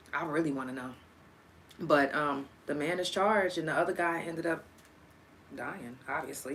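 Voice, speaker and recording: A young woman hosting a casual solo podcast, cursing freely and talking straight to her listeners. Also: medium pitch. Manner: profane, animated, talks to listeners directly. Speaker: podcast host.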